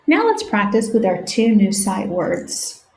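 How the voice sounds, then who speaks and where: A woman teaching a phonics lesson to young children, sounding out words slowly letter by letter. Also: mid-range voice, sing-song, a little mellow, slight background noise. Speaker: reading teacher. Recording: echoey room.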